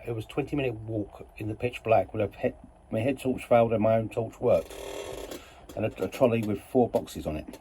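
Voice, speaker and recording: Mellow-voiced man rambling on. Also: medium pitch, slightly rough. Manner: chatty, meandering, self-correcting. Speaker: model railway hobbyist vlogger. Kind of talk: casual rambling storytelling.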